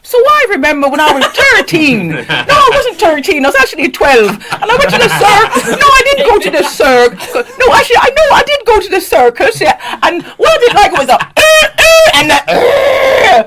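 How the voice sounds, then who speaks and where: A woman improvising a comic monologue in a mock-dramatic, halting way. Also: extremely high pitch, very animated, a loud crowd. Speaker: improv performer.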